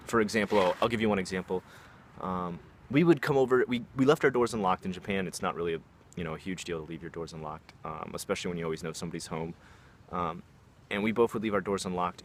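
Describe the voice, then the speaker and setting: A young man with a deep, low voice tells a personal story in a casual, rambling way. He pads his sentences with fillers and drifts into asides. A faint hiss sits under his voice. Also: a bit bright.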